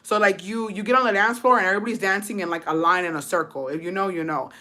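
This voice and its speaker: A woman streamer from Texas, medium-pitched with a pushed, bright sound, narrates a story to her live chat. She curses a lot, switches between English and Spanish, and lets out quick laughs.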